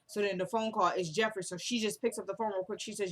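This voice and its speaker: A woman's voice: medium pitch, steady tone, quick pace, few pauses. A woman chatting casually as she recaps a TV drama episode, acting out the characters' lines and tossing in joking asides. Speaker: TV recap vlogger.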